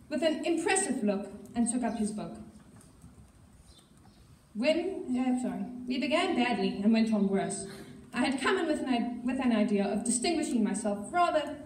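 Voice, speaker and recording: A woman reads a novel aloud at a school assembly with steady storytelling. Her voice is fairly high and mellow. It sounds distant and roomy, with faint background noise. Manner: steady storytelling with occasional slips. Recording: echoey hall, mic far off.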